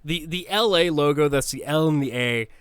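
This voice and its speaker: Blunt ranting man, smooth dry voice. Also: on the high side, normal speed, fairly bright tone, dry recording. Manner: blunt, ranting, swears, frequent restarts. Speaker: sports logo ranker. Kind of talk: casual opinionated commentary.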